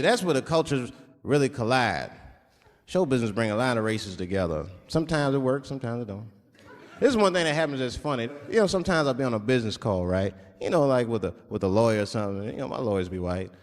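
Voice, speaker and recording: Animated male comic in a big hall. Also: mid-range voice, fast. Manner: loose, conversational storytelling with slang. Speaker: stand-up comedian. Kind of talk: stand-up comedy set. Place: large performance hall. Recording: long hall reverb of a live venue.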